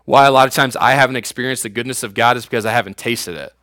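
A man's voice: medium pitch, quick pace, pushed and bright, no room sound, studio quality. A man in his thirties preaching a youth sermon as youth pastor, casual and slangy, with everyday asides to his listeners.

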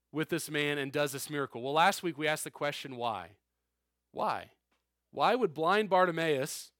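A man's voice: high voice, a bit bright, dry recording, clean studio sound. A man preaching a sermon in a conversational style, often checking in with the listeners. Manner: conversational preaching, frequent "okay?" asides. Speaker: pastor.

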